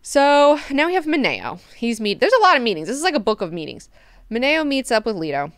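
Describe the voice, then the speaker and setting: A woman's voice: on the high side, very animated, a little fast, no echo, studio quality. A woman hosting a casual book club, chatting profanely and with lots of energy, and retelling the characters' lines in slang.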